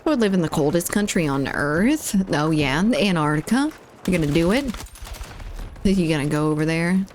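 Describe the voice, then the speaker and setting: A woman with a lowish voice rambles casually to her chat while she plays a shooter, breaking off mid-thought to react to enemies. A faint hum of noise sits under her voice. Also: expressive, moderate pace. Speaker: game streamer.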